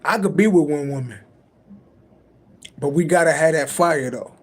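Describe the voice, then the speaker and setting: On a late-night livestream, a man with a slightly high voice gives a tarot reading at a moderate pace. He rambles loosely, cracking jokes and cursing, and is heard through a livestream mic.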